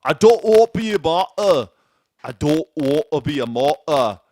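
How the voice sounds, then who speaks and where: A blustering Scottish freedom fighter, as a man puts on the accent for laughs. The brogue is thick and overdone, loud and theatrical. The voice is close and dry, with no room around it. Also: on the high side, very animated, moderate pace, no echo, pitched above the performer's own voice. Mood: hammy defiant. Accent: mock Scottish. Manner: loud, hammy, rolling brogue. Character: blustering male Scottish rebel hero, stage-accent impression.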